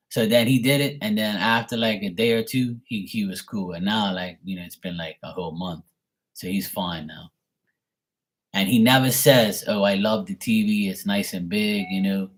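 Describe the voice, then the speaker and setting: Reading tarot on a live stream, a middle-aged man chats casually through a meandering family story, cursing and imitating his relatives. He talks at a normal speed in a lowish voice.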